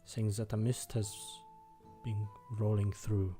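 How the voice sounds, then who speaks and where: A man's voice: fairly low pitch, little pitch movement, slow pace, dark tone, soft background music. A man voicing a busy, friendly male innkeeper who talks politely and a little formally. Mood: curious.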